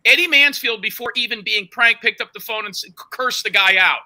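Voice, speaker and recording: A man's voice: high-pitched, brisk, pushed and bright. A man defending himself in a heated argument, insistently retelling a phone call and talking over interruptions. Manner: insistent, talks over others, retells calls with quoted voices. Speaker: show host under confrontation.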